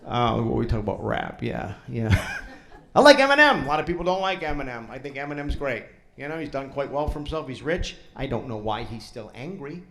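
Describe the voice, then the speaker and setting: Animated stand-up comedian from New England. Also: male voice, mid-range voice, a little fast, vocal fry. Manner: animated, jokey, riffing with the crowd. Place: comedy club stage, audience laughing.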